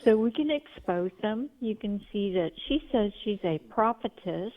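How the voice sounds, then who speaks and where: A woman's voice: mid-range voice, lively intonation, normal speed, phone-quality sound, a little hiss or hum. A woman calling in to a talk show, telling things in an earnest, rambling way. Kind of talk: call-in talk.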